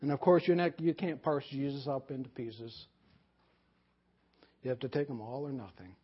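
A man pastor preaching a sermon, swinging from loud emphasis to hushed near-whisper. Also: medium pitch, moderate pace, breathy edge. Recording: dull lo-fi sermon recording.

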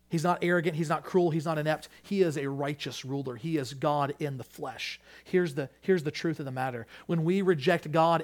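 A pastor delivers an emphatic sermon in a fairly high voice. He repeats his key lines and swings from loud, urgent peaks to quiet, hushed moments.

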